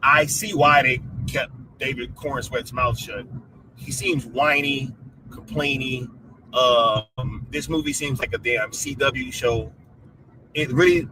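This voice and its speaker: A man's voice: medium pitch, unhurried. A man ranting casually from a moving car, rambling and swearing with lots of fillers. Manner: rambling, profane, filler-heavy. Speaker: content creator. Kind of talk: casual rant while driving. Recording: distant mic with road noise.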